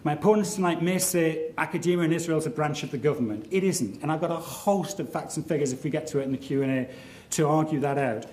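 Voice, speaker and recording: A man's voice: fairly high pitch, darkish tone, a little hiss or hum. Emphatic middle-aged man debating in an echoey hall. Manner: measured, emphatic and argumentative, with rhetorical questions. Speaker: debate speaker. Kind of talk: formal debate speech. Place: large lecture hall.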